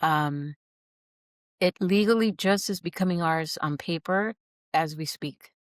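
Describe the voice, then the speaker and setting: A middle-aged woman, a podcast guest, earnestly telling her personal story in an animated, heartfelt way. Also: fairly low pitch, unhurried, no echo, clean studio sound. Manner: earnest, animated, acts out quoted dialogue. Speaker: podcast guest, recovery program alumna.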